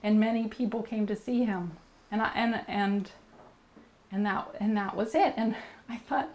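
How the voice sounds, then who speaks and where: A woman as an interview guest, telling a personal story in an earnest, rambling way with many fillers and restarts, and growing animated when she quotes herself. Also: mid-range voice, measured pace, long pauses.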